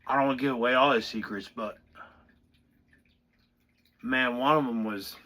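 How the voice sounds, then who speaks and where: Animated, bright-voiced man teaching drums. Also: mid-range voice, moderate pace. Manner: animated, swings between soft asides and loud bursts. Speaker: drum instructor. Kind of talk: casual drumming lesson.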